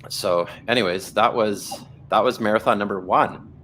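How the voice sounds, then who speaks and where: A man's voice: lowish voice, moderate pace, a bit bright, a little hiss or hum. A man, a blood cancer survivor, earnestly telling his story as a guest on a video call livestream, full of restarts and quoted dialogue. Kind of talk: livestream conversation, personal storytelling.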